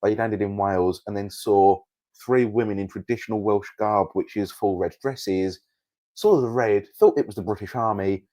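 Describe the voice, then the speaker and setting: A man's voice: on the low side, moderate pace, warm tone, no room sound. Dry-voiced man telling anecdotes. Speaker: podcast co-host. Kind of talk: casual comedic chat.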